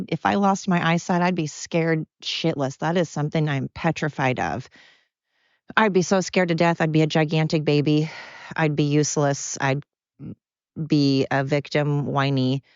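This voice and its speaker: A woman's voice: low voice, no room sound. An American woman hosting a podcast at home, talking in a blunt, candid, rambling solo monologue. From United States. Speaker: podcast host. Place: at home with her dogs. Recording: dull, dry lo-fi sound.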